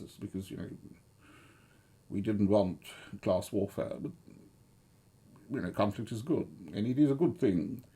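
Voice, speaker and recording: A middle-aged man giving rambling, sardonic commentary, halting often with fillers and restarts. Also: on the low side, vocal fry, mellow, breathy edge.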